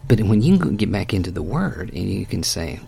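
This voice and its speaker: A man preaching a conversational sermon, animated and emphatic, with folksy asides as he walks through a Bible passage. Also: sits low, brisk, vocal fry, breathy edge.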